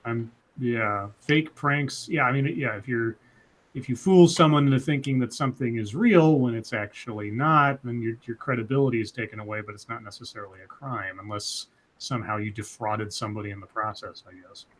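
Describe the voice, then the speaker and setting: A man with an average-pitched voice joins the casual stream chat. He talks his thoughts through slowly and hedges his points with yeahs and I-guesses. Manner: thoughtful, hedging.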